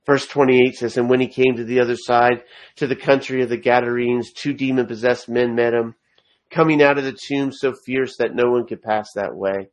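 Male pastor, mid pitch, sermon delivery with emphatic repeated phrases. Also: steady tone, moderate pace. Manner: reads scripture aloud, rising to emphatic repeated phrases. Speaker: preacher.

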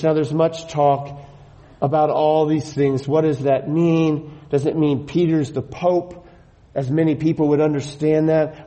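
A man's voice: on the high side, steady tone, measured pace, dark tone, low-quality recording. A middle-aged man preaching a sermon as pastor, earnest and emphatic, often repeating his phrases for weight.

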